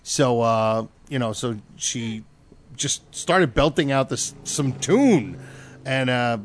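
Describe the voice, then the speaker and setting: A man's voice: medium pitch, expressive, takes it slowly, a little hiss or hum. A man hosting a talk show, bantering mockingly and rambling with fillers. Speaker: radio show host.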